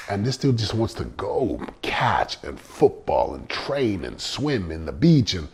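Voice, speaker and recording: A man's voice: sits low, big pitch swings, moderate pace, vocal fry, hardly any pauses, a little hiss or hum. A middle-aged man hosting a motivational podcast, talking earnestly and repeating phrases for emphasis. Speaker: podcast host.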